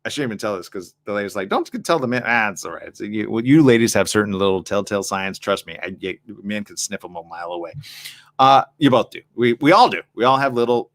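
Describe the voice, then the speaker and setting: A male talk show host giving casual relationship advice in a monologue, animated and acting out both sides of arguments, talking straight to the ladies. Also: lowish voice, quick pace, dry recording. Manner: addresses the ladies in the audience directly.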